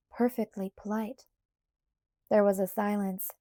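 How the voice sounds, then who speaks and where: A woman narrating a novel aloud in the first person, in unhurried scripted storytelling. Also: mid-range voice, fairly even intonation, warm tone, no room sound, studio quality. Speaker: audiobook narrator.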